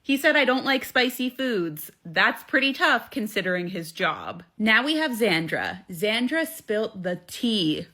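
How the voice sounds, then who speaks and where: Bright-voiced woman recapping gossip. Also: mid-range voice, very animated, unhurried, hardly any pauses. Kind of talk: recap commentary.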